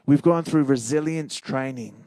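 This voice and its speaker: A young adult man, a senior pastor preaching a sermon in an animated way, repeating key phrases and joking with the congregation. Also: mid-range voice, normal speed, dry recording, poor audio.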